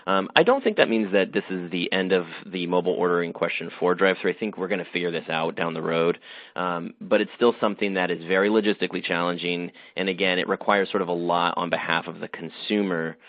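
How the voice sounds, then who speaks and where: A man's voice: low-pitched, fast, no room sound. A man, a magazine editor, answering interview questions thoughtfully, with frequent fillers and restarts. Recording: dull, dry sound.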